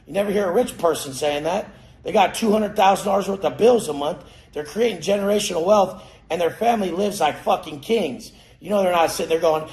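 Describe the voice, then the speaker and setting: A man giving a profane, aggressive motivational rant, cursing and yelling at his listeners. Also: high voice, moderate pace. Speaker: motivational speaker. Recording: roomy echo.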